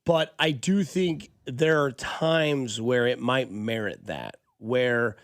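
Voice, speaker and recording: A man hosting a sports talk radio show, chatting casually and getting animated as he argues a point. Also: mid-range voice, slow, no echo, studio quality. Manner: conversational, animated when imitating a yelling dad. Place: radio studio. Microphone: studio microphone.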